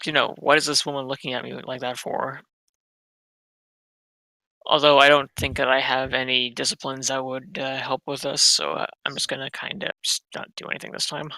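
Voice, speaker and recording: Bright, crisp-voiced man at a game table. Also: mid-range voice, little pitch movement, moderate pace, dry recording, low-quality recording. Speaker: player. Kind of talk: casual chat at a tabletop game.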